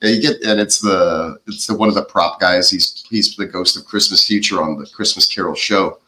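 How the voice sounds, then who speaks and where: A man co-hosting a podcast, casually retelling a movie's plot in an animated way and often laughing. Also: sits low, moderate pace, rough recording. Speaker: podcast co-host.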